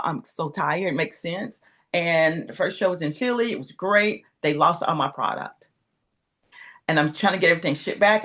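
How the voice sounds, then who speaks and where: Animated woman guest in her fifties. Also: sits low. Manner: animated, acts out quoted dialogue. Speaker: guest entrepreneur. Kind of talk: personal storytelling.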